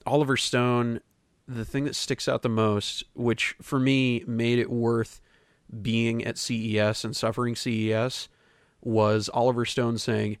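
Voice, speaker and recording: A man's voice: medium pitch, level tone, a little slow, dry recording. A man in casual podcast chat, telling dry, rambling stories about travel and food. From Texas.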